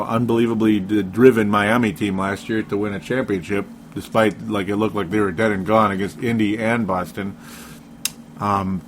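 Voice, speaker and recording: A man's voice: lowish voice, a little hiss or hum. Rambling man chatting about basketball. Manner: rambling, laughs often, self-interrupting. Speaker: podcast co-host. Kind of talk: casual sports chat.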